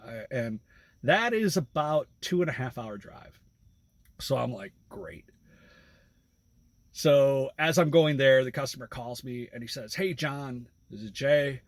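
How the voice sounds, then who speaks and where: A man's voice: medium pitch, lively intonation, unhurried, no room sound. A man who drives for a rideshare app, casually telling a story about a fare in a chatty vlog style, with bursts of laughter. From US Midwest. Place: in a parked car by a road.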